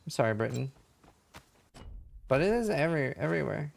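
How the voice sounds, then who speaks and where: Gravelly, lively man thinking aloud. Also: fairly high pitch, a little fast. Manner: thinking aloud, chatty, offhand. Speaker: gaming streamer. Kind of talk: casual gameplay commentary.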